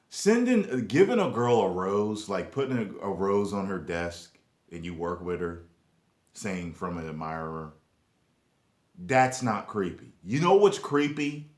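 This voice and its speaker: Young adult man, casual profane vlog rant, lively swooping pitch, unhurried delivery, roomy echo. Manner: animated, swings between loud emphasis and low mumbled asides, profane. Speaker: YouTube vlogger. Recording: echoey room.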